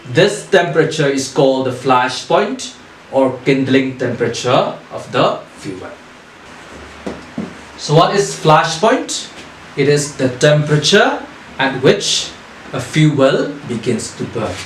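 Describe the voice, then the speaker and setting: A man teaching a recorded lesson, asking questions and answering them himself in a deliberate way. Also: mid-range voice, sing-song, slight background noise. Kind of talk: recorded online English lesson. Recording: echoey room.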